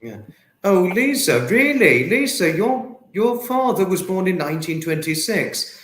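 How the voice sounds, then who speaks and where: A man's voice: high-pitched, big pitch swings, unhurried, a bit bright. A young man hosting a casual livestream chat, reading out viewer comments and praising his guests. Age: young adult. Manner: reads out viewer comments, effusive. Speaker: livestream host. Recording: echoey room.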